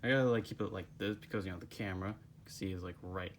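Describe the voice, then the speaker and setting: A man's voice: low voice, fast, a little hiss or hum. Young man, casual review, rambling with lots of fillers, recorded on a phone. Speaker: book reviewer.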